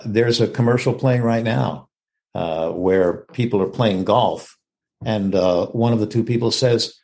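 An older actor reflects on his craft in a conversational interview, performing quoted lines as he speaks. His voice is lowish, gravelly and a little mellow, and he talks a touch slowly.

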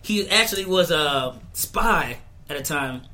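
A man with a bright, fairly high voice chatting casually on a podcast. He explains comic-book lore at length with clear enthusiasm, piling on names and details. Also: animated, measured pace. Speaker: podcast co-host.

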